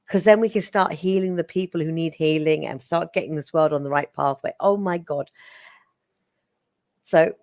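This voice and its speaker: A woman giving psychic readings on a live stream, chatty and affectionate, getting excitable and calling viewers darling. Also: low-pitched, normal speed, no echo, studio quality. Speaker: psychic reader.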